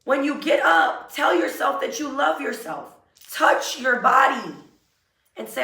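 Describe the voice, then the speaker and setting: A woman speaks slowly and earnestly, leaning into affirmations with real emotion. Her voice is bright and a little high. She sits some way off the mic in a room with a noticeable echo. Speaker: self-help vlogger. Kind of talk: motivational talk to camera. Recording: roomy echo, a bit far from mic.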